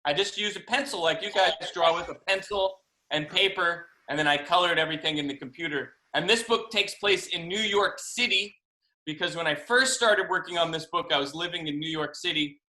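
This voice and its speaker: A man, a children's book author, reading a picture book aloud to young children over a video call, animated and chatty, in an echoey room. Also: on the high side, a little fast. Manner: animated, chatty storytelling to kids.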